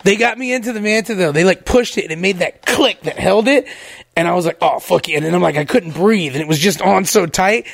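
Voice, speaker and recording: A man's voice: high voice, brisk, vocal fry, no room sound, studio quality. A man co-hosting a podcast, telling profane, self-mocking stories and speaking straight to the listeners. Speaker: podcast co-host. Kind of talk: crude casual storytelling.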